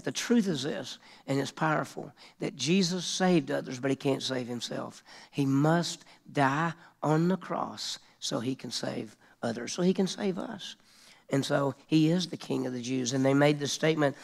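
A man's voice: mid-range voice, normal speed, creaky. A middle-aged male pastor preaching an expository sermon, raising his voice to act out the mocking crowd. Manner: expository preaching, acts out mockers with raised voice.

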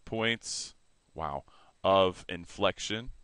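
Deep-voiced man teaching math casually. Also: very slow, smooth, no room sound. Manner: relaxed, self-correcting, explains while sketching. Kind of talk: informal math lesson.

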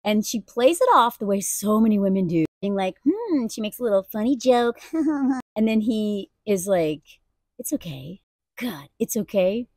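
A woman's voice: medium pitch, moderate pace, a little mellow, no echo, studio quality. A woman talking earnestly and emotionally in a personal video commentary, speaking casually and addressing viewers directly. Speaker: video creator.

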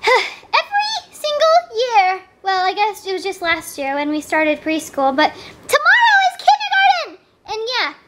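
A woman's voice: very high voice, expressive, a little slow, hardly any pauses, a bit bright, voice pushed up, exaggerated voice. A woman voicing a nervous little kindergarten girl doll in a doll role-play, whiny and sighing.

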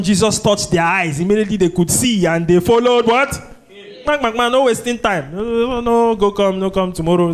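Nigerian pastor preaching with call-and-response. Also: male voice, high voice. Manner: call-and-response preaching, prompting the congregation with "what?". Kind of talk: sermon.

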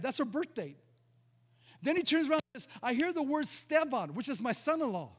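High-voiced storytelling pastor in a reverberant church. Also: male voice, moderate pace. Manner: animated storyteller, acts out dialogue, repeats words. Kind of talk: sermon with storytelling.

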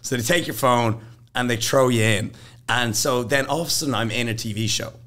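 A young man appearing on a podcast talks a little fast in a mid-range voice, telling casual stories. He's lively and quick to laugh, mimicking what others said in comic voices.

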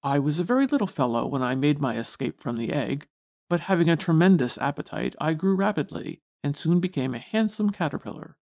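A woman's voice: sits low, animated, a little fast, a little mellow. A woman voicing an aged, dignified male butterfly who speaks in a solemn, formal way in a storybook reading. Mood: proud.

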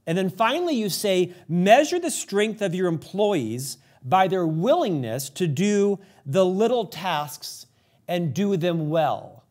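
High-voiced male interviewer reading quotes. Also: animated, a little mellow. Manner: measured, reads quotes aloud carefully. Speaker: host, interviewer.

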